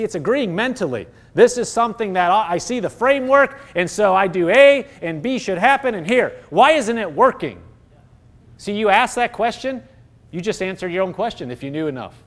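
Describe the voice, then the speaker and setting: A man's voice: high-pitched, a bit bright. A middle-aged man preaching a sermon, emphatic and building into fervent quoted prayers.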